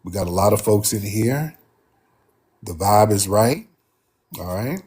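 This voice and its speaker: A man with a slightly husky voice hosts a live call-in stream. He talks in a loose, drawling way, addressing the room and his viewers casually. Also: on the low side, animated, unhurried, a little mellow. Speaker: host.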